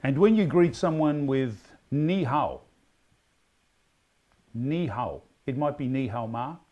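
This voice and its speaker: A man with an Australian accent hosting a casual pub quiz, reading questions slowly and emphatically, then rambling and correcting himself. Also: mid-range voice, dark tone, muffled recording. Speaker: quiz host.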